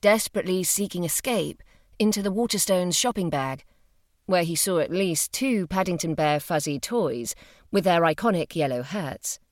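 Female audiobook narrator, expressive and measured, low-ish, animated, dry close mic. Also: no room sound. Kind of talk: scripted narration of a novel.

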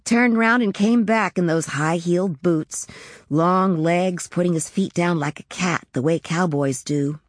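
In a dry, studio-quality recording, a woman with a lowish, unhurried voice plays a small-town teen girl with trucking dreams. She narrates the character's story bluntly and chattily, in a plainspoken, matter-of-fact way.

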